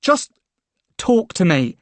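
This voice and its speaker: A woman playing a hurt, quick-tempered teenage boy in a spoken storybook reading, loud and sharp. The recording is dry and close. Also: mid-range voice, sing-song, no echo. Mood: angry. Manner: loud, sharp, swearing outbursts.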